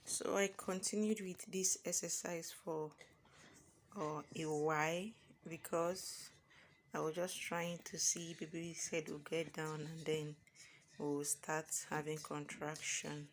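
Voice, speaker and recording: Slow, soft-spoken woman in labour. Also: deep voice, level tone, slight background noise. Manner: slow, soft-spoken, often half-whispered. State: in labour, pausing through pain. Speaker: vlogger. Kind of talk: personal labour vlog. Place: hospital ward.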